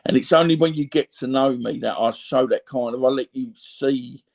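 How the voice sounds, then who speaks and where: A man's voice: medium pitch, normal speed, creaky, darkish tone. A middle-aged man with a Cockney accent talking candidly as an interview guest, rambling and tagging on "you know what I mean" asides. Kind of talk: candid reflective conversation.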